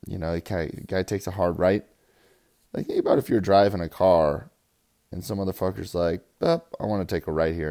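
A young man giving a profane, rambling fantasy football recap, swinging from loud hype to low mumbles. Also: creaky. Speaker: fantasy football league player.

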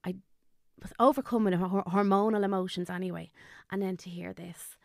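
An Irish woman in her thirties, a podcast guest, candidly tells a personal family story, acting out what people said in quoted dialogue. Her mid-range voice is steady and creaky at a moderate pace, with clean studio sound and no room sound.

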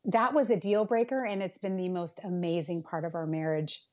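A woman's voice: fairly low pitch, steady tone, normal speed, darkish tone. A woman in her late thirties, a podcast guest telling a candid personal story in an earnest, emotional way with many fillers and restarts.

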